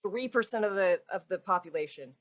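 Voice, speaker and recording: Chatty Texan woman, mid pitch. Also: expressive, a little fast, a bit bright. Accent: North Texas. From Texas. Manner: chatty, self-deprecating, laughs between remarks. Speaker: podcast guest. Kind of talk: casual chat.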